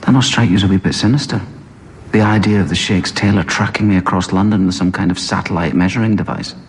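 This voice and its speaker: A man's voice: sits low, fairly even intonation, quick pace. An actor playing a repressed, awkward Scottish man, with a clipped Edinburgh Morningside accent, in a film clip. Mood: dry, prim. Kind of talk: film dialogue. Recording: film clip played in a studio, roomy.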